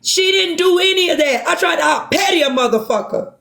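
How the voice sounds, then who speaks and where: A high-pitched woman pours out her feelings to her supporters, passionate, blunt and full of curses. Her voice bounces around a roomy, echoing space. She scolds herself as she speaks. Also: lively intonation, a little fast, gravelly, fairly bright tone. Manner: impassioned, profane, self-reproaching. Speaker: livestream host. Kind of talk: emotional livestream talk.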